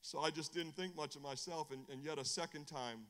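A middle-aged evangelist man preaching his testimony with a bright, forceful voice, on the high side for a man. He moves between hushed storytelling and loud bursts. The sound carries a long church reverb. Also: brisk. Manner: animated preacher, swings from hushed storytelling to shouting. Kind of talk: testimony sermon.

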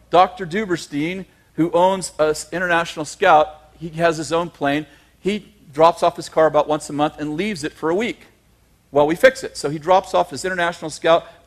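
Guy preaching, pretty high voice, lively funny storytelling, laughs along as he goes. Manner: animated, chuckling storyteller with emphatic asides. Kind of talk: humorous sermon storytelling.

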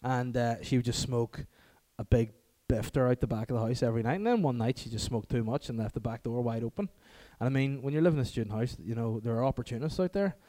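A man's voice: mid-range voice, quick pace, hardly any pauses, dark tone. A young man telling rambling anecdotes in casual chat, laughing often.

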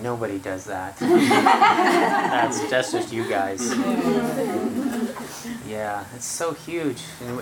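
A meditation teacher gives a relaxed, conversational dharma talk to roughly thirty people in a room, laughing easily. The voice is medium-pitched, with background noise audible.

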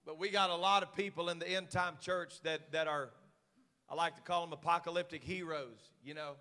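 A man pastor preaching a sermon, swinging from hushed asides to shouted, fiery passages. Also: fairly high pitch, steady tone, fairly quick, big-room sound.

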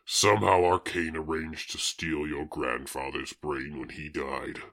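A man voicing a grave swamp monster hero, speaking in a very deep, rumbling voice with slow, solemn delivery. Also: flat delivery, sharp tone, exaggerated voice. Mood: pleading.

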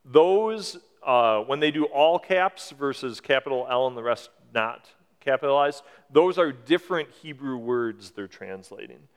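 A man in his forties preaches from a church, explaining his points in a conversational way and pushing up for emphasis. His voice is smooth and clear at a middle pitch. It rings with a long reverb through the hall. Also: lively intonation, unhurried. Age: 40s. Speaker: pastor. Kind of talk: sermon.

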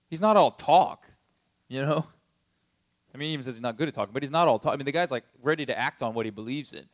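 A man teaching from the Bible in a relaxed, conversational tone. His voice sits at an ordinary middle pitch, and he talks like he is chatting with friends, with lots of "you know" and "like". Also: no echo, studio quality. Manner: conversational, chatty retelling with fillers.

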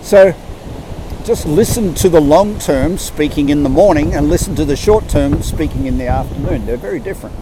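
Older Aussie male life coach, higher register, earnest and rambling, faint outdoor wind and boat noise. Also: normal speed. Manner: earnest, rambling, with many restarts and acted-out quotes. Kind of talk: motivational monologue.

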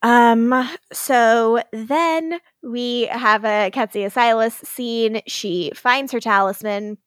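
A woman's voice: a little high, takes it slowly, no room sound, clean studio sound. A woman co-hosting a casual TV rewatch podcast, giggling, swearing freely and acting out the characters. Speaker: podcast co-host.

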